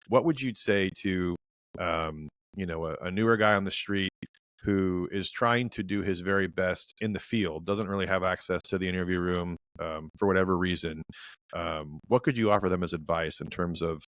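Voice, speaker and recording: A man's voice: sits low, fairly bright tone, dry recording, rough recording. A man hosting a podcast, asking long, winding questions of his guest. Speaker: podcast host. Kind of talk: podcast conversation.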